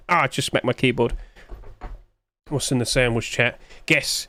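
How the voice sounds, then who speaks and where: A man's voice: mid-range voice, measured pace, long pauses, bright, forceful tone, no echo. A British man talks casually to his stream chat in a chatty, joking way, with a voice of middle height. His voice is close and dry, with no room sound around it. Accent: British English.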